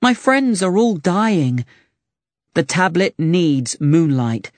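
A man's voice: on the high side, sing-song, slow, dry recording. A reader voicing Larry, an earnest grown man who pleads in a storybook reading. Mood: desperate.

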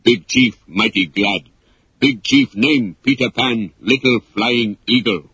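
A man voicing a proud old male tribal chief who speaks in clipped, broken phrases with a raspy voice. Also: medium pitch, fairly bright tone, dry recording, heavily acted. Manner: broken clipped speech, slow and weighty.

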